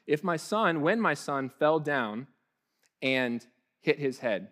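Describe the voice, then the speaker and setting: A young man preaching a sermon in a lively, conversational way, often restarting his sentences. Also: mid-range voice, slow. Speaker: pastor.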